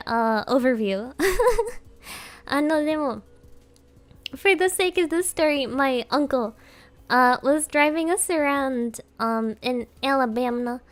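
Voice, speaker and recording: A young woman streaming live, chatting casually in a rambling, giggly way with lots of fillers. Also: high-pitched. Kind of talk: casual chat.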